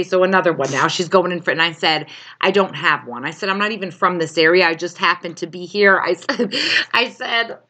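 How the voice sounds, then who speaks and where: A woman co-hosting a podcast, telling a story in a casual, animated way, full of swearing and acted-out quotes. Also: lowish voice. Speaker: podcast co-host.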